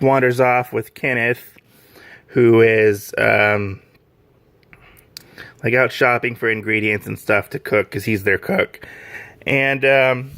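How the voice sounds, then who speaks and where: A man's voice: medium pitch, vocal fry, a bit bright, no echo. Rambling man gushing in a dry room. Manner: rambling, heavy use of "like" and "um"; enthusiastic, gushing. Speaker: manga reviewer. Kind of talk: casual video review.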